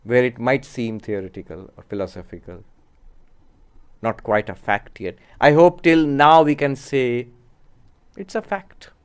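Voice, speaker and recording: A monk and spiritual teacher gives a measured philosophy lecture, driving home points with rhetorical questions to his listeners. His medium-pitched voice is clear and resonant.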